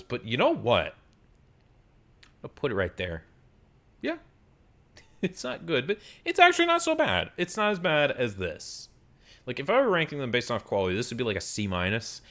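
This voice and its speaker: Animated, low-voiced man ranting reviews. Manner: animated, profane ranting with frequent fillers. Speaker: film reviewer. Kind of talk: casual film review monologue.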